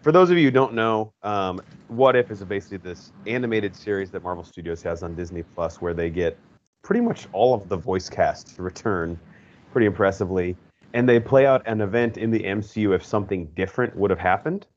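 A man's voice: lowish voice, brisk, a little mellow, lo-fi sound. A man hosting a podcast, chatting enthusiastically in a casual way with frequent fillers. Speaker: podcast host. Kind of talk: casual chat.

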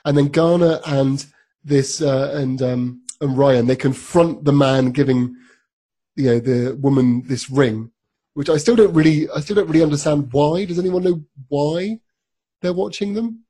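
Co-hosting a podcast, a man with a slightly high, warm voice chats casually and unhurriedly while recapping a TV episode. He uses many ums and laughs frequently.

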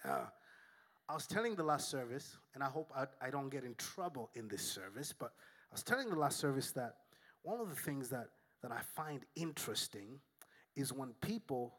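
A pastor who grew up in Africa preaching a sermon, telling lively stories and then dropping to soft, hushed tones. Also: male voice, mid-range voice. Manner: animated storytelling, swinging to soft and hushed.

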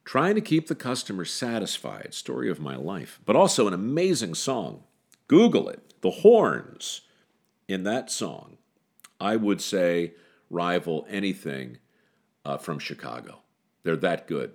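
A man with a very deep voice hosts a storytelling podcast, telling a tale with dramatic pauses and a wry tone. His delivery swings widely in pitch, rising and falling for emphasis. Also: big pitch swings, darkish tone. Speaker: podcast host. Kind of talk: storytelling narration then casual talk.

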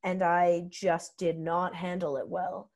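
Young Australian female comedian, candid storytelling, animated delivery with acted-out quotes. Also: fairly low pitch, slow. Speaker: podcast guest, comedian.

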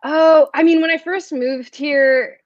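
A French-born woman, bilingual, talks as an interview guest with easy chatter and frequent laughs. Her voice sits a little high. The sound is dry and dull, lo-fi. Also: fairly even intonation, slow, dry recording. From France. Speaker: guest actress. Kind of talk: casual interview.

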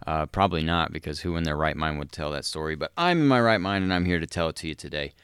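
A man with a very low, smooth voice riffs profanely as a podcast host. He rambles and chuckles through his stories. The sound is dry and close. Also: lively intonation, fast talker, fairly bright tone, no room sound. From South Dakota. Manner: profane, rambling, laughs mid-sentence. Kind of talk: crude comedic monologue.

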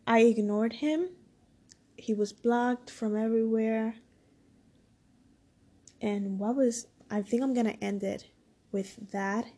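A woman's voice: mid-range voice, dark tone. A woman casually telling a personal story, rambling and full of "like" as she quotes what people said.

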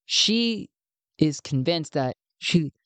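A woman's voice: sits low, expressive, slow, a bit bright, no room sound. A woman narrating a solo tabletop game, thinking aloud as she rolls dice.

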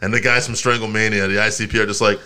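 A man co-hosting a casual wrestling podcast, animated and quick to laugh, jumping into playful voices when he retells stories. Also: on the low side, clear, resonant tone. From Puerto Rican background. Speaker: podcast co-host.

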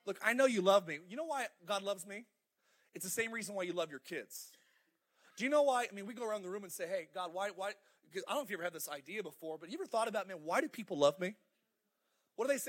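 A middle-aged male pastor preaching a fiery, animated sermon in a church auditorium, calling out to the congregation. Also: high voice, fast. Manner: fiery, animated preaching with crowd call-outs.

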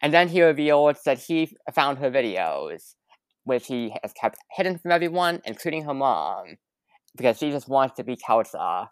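Low-voiced woman recapping a movie. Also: sing-song, normal speed, no echo. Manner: chatty, recaps plot with frequent fillers and laughs. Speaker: podcast host. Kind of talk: casual movie recap chat.

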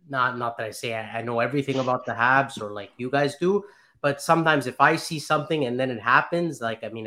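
A man's voice: medium pitch, pushed and bright. A man on a sports podcast chatting casually, hesitant and rambling with many restarts. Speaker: podcast panelist.

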